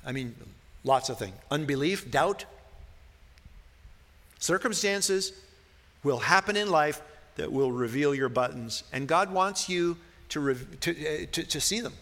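Bright-voiced man preaching in a reverberant hall. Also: a little high, lively intonation, unhurried, pauses often. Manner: earnest, rising to emphatic questions. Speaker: pastor. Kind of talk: sermon. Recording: long reverb of a large hall.

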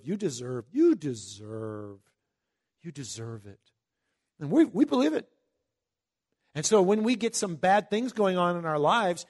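A man preaching a Bible-teaching sermon in a conversational way, reading scripture slowly and breaking into emphatic asides. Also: fairly high pitch. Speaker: pastor.

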